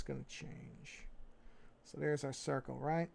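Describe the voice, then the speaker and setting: Gravelly New York man thinking aloud. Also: medium pitch, moderate pace. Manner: talks to himself, muttering and repeating phrases; relaxed, self-correcting. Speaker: livestreaming artist. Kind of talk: casual think-aloud commentary while drawing.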